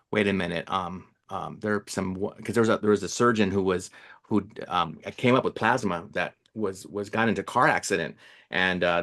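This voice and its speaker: A man's voice: on the low side, fairly bright tone. A man co-hosting a podcast in casual chat, rambling with many fillers and restarts. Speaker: podcast co-host.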